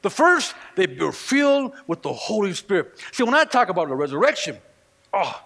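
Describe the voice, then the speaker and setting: A male pastor preaching a sermon with fervor, dropping to hushed lines and rising to shouted peaks, often stumbling and restarting his words. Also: high voice, big pitch swings, normal speed, creaky.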